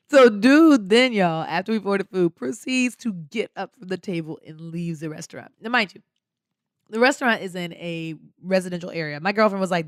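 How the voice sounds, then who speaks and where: A woman hosting a podcast, telling a personal story in an animated, slangy way and laughing often. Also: on the low side, moderate pace, no room sound, studio quality. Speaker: podcast host. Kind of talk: casual storytelling.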